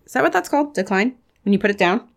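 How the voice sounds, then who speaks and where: A woman playing a tabletop game, chatty and thinking out loud as she describes her actions. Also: mid-range voice, animated, rapid-fire, creaky. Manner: chatty, laughs easily, thinks aloud. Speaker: player.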